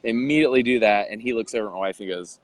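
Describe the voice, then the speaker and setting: Lower-voiced man telling a story animatedly. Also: racing, crowd noise, low-quality recording. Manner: animated, acts out quoted voices. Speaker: interview guest, bodybuilder. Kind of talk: casual storytelling interview.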